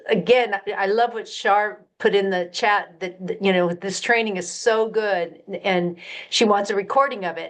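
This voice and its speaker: A woman mentor wraps up a training session on a video call, in a voice of middle pitch. She speaks in an encouraging, appreciative way and takes her time. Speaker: business mentor wrapping up a training. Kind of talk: encouraging wrap-up talk.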